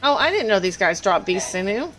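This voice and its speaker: A woman's voice: medium pitch, sing-song, fairly quick, a bit bright, soft background music. A woman with a Southern drawl, chatting casually on a live stream while she plays, laughing easily. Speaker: game streamer.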